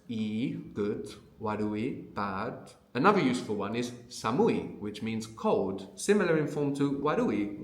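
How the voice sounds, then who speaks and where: A man with a lowish voice, recorded with noticeable reverb, gives an unscripted audio language lesson. He explains things patiently and conversationally, frequently checking in with a questioning "no?".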